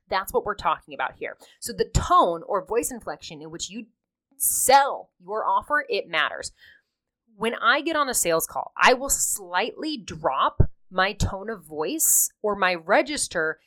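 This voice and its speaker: A woman in her thirties, an online business coach, teaching in an animated, emphatic way and often checking in with "okay?". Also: mid-range voice. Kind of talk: teaching talk to camera.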